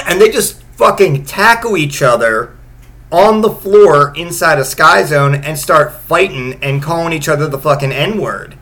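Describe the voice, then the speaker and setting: Brief: a sarcastic man in his late thirties, slightly high voice, rambling casual stories full of profanity. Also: normal speed, fairly bright tone. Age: late 30s. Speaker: podcast host. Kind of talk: casual comedic storytelling.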